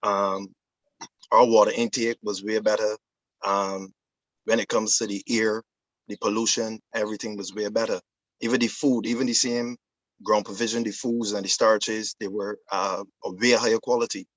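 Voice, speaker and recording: A man with a Barbadian accent makes his case in a debate, speaking earnestly and explaining as he goes. His voice sits on the low side, and the recording is dry and close. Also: level tone, normal speed, a bit bright, no echo, low-quality recording. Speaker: debate guest, musician. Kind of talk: debate argument.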